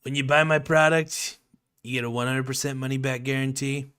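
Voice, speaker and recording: Brief: a boastful older politician, loud and self-praising, bright and forceful, clear resonant tone, as a streamer puts him on. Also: male voice, mid-range voice, steady tone, fairly quick, natural voice. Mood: bragging. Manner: loud, bragging, repeats superlatives. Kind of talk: comic impression during a live stream.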